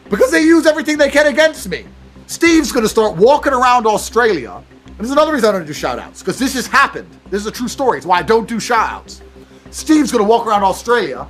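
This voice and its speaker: Brief: brash man, high, lively voice, ranting and cursing, faint music behind. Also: fast talker. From England. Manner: blunt, swearing, acts out both sides of exchanges. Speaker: motivational speaker. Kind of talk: profane storytelling rant.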